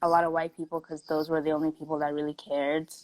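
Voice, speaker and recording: A woman's voice: low voice, flat delivery, quick pace, a little mellow, dry recording, rough recording. A young woman with a Canadian accent, originally from South Africa, chatting casually as a guest and telling stories with lots of "like". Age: young adult. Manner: chatty storytelling, heavy use of "like". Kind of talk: casual chat.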